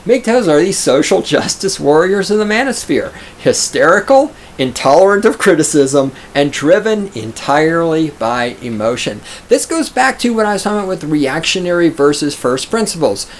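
A man's voice: fairly high pitch, big pitch swings, moderate pace, hardly any pauses, slight background noise. A man reading an article aloud and reacting to it in casual commentary, profane and sarcastic, often mocking others in a raised put-on voice.

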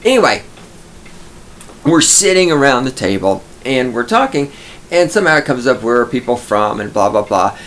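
A man's voice: mid-range voice, big pitch swings, normal speed, fairly bright tone, slight background noise. A middle-aged man from Texas, hosting a podcast and telling a scornful, profanity-laced story as a ranting monologue. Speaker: podcast host.

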